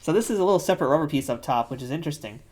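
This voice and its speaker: A man's voice: fairly high pitch, lively intonation, rapid-fire, darkish tone. A young adult man co-hosting a toy review show, chatting casually and with enthusiasm.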